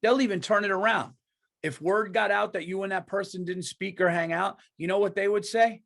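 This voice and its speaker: A man with a notably high speaking voice rants on his podcast. He is worked up and emphatic, swearing freely as he hammers his points home. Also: brisk, gravelly, a bit bright. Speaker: podcast host. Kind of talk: heated comedic rant.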